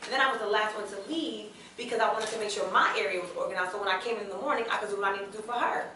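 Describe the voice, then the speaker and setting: A young woman on a panel, telling an animated story in which she acts out other people's voices and laughs often. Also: medium pitch, racing, noisy background. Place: hotel event hall. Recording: echoey event room, mic picked up from a distance.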